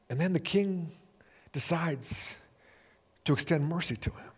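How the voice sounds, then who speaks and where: A man preaching a sermon, telling a parable with animated storytelling and acting out the characters' voices. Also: normal speed, breathy edge, long reverb tail. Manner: animated storytelling, acting out characters with big swings in pitch and volume. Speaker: pastor.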